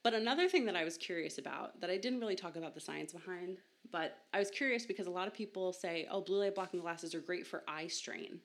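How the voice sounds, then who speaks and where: A woman's voice: fairly low pitch, fast talker, few pauses. A young woman hosting a science podcast, talking casually with a chatty, self-deprecating manner and frequent laughs. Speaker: podcast host.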